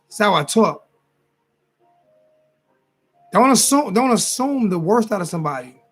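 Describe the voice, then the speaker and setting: Talking straight to his chat on a late-night sports livestream, this tired host in his forties rambles loosely and keeps repeating himself. His high, husky voice is animated and a little fast, with soft music in the background.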